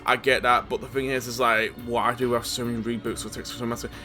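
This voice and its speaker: A man's voice: mid-range voice, flat delivery, fast, music in the background. A man ranting casually about horror movies, stammering and swearing, exasperated.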